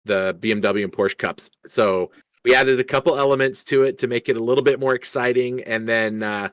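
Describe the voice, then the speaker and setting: A man's voice: mid-range voice, fairly even intonation, brisk, a bit bright, dry recording. A man hosting a racing league live stream in casual chat, rambling with lots of fillers and restarts in an upbeat way.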